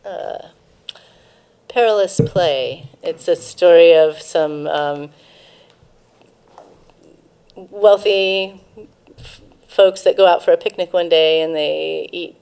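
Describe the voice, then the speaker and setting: A woman with a low, gravelly, slightly mellow voice speaks slowly and steadily, pausing often. A guest from a cannabis museum, she explains history in a casual interview, informative but full of ums and restarts.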